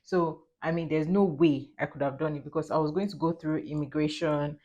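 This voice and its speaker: A young woman with a notably low, deep-set voice, talking casually to her camera while getting ready. She tells her story in a chatty, animated way, laughing easily between lines. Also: brisk. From Nigeria. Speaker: lifestyle vlogger. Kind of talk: casual get-ready-with-me chat.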